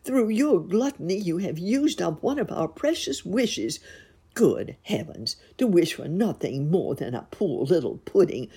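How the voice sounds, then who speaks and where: A blustering old peasant husband, put on by a woman storyteller, scolds in a raised, exasperated voice. The sound is soft, husky and mellow. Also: a little high, animated, takes it slowly, voice pushed up, full character voice. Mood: angry.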